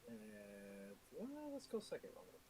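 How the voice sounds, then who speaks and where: A man's voice: on the low side, huge pitch swings, unhurried, background noise. A man playing in a tabletop game, thinking aloud and checking on his options as he takes his turn. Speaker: player. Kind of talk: casual tabletop game chat.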